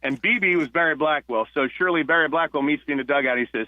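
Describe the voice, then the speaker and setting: A man from New Jersey, a retired police officer, telling stories as a guest on a phone-in radio interview, with halting restarts. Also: fairly high pitch, dry recording. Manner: warm storyteller, halting restarts. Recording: tinny phone line.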